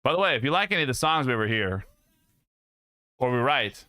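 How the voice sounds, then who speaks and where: A man's voice: medium pitch, very animated, fairly quick, pushed and bright, no echo, studio quality. A young man hosting a livestream, chatting casually and jokingly with viewers, often laughing and rambling. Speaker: streamer host. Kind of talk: casual chat with stream viewers. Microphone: studio mic.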